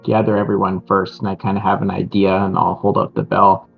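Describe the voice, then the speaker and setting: A man player with a very deep, heavily gravelly voice, a little husky, talking hesitantly. The mic sounds dull and lo-fi, with faint music behind. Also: little pitch movement, a little fast. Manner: hesitant, many fillers. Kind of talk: casual tabletop play.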